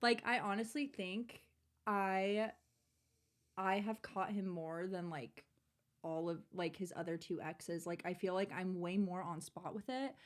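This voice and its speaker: A woman's voice: fairly low pitch, steady tone, unhurried. A woman in her twenties, a podcast guest, telling a personal story in candid, chatty talk full of "like" and swearing. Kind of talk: casual chat.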